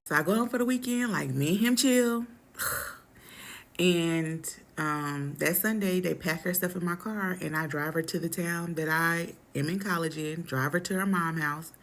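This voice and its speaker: A young adult woman telling a personal story in a casual, animated, dramatic way, full of slang. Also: lowish voice, normal speed.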